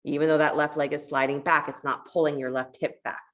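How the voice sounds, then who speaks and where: A woman teaching a yoga class, giving calm, encouraging cues and telling a short parable along the way. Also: low-pitched, a little fast. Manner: calm, encouraging cueing with a parable told in between.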